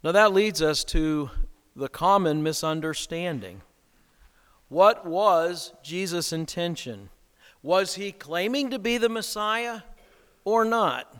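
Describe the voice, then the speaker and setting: Slow, bright-voiced preacher in a reverberant hall. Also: male voice, high voice, smooth. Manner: rhetorical questions, emphatic preaching. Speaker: pastor. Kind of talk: sermon.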